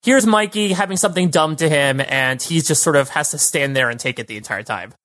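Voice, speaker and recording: A young man co-hosting a podcast, giving quick, opinionated takes in a casual chat. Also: a little high, fairly bright tone. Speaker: podcast co-host.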